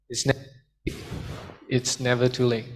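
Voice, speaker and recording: A man with a medium-pitched voice speaks slowly while giving students a seminar on study skills and fielding their questions. He sounds lively and slips Malay phrases in now and then.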